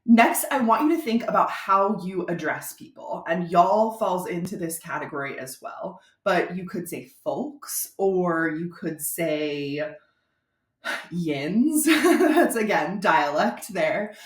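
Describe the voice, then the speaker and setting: A woman's voice: fairly low pitch, lively intonation, slow pace, hardly any pauses. A woman from Florida, a brand strategist giving a casual, chatty video tutorial to speakers. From Florida, USA. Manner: chatty, conversational, informal. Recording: roomy echo.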